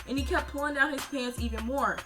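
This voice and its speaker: A young woman around nineteen narrates a personal story for her vlog audience. She is animated and emotional as she relives it, and her voice sits a little high. Music plays clearly behind her. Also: fairly quick. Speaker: vlogger.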